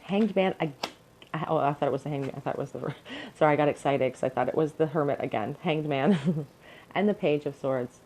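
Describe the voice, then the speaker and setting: A woman's voice: deep voice, brisk, a little mellow, a little hiss or hum, poor audio. A young woman giving an encouraging, earnest pick-a-card tarot reading to her viewers. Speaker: tarot reader.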